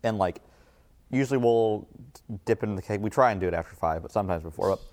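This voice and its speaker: Very deep-voiced man, relaxed chat. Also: fast talker. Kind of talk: casual chat.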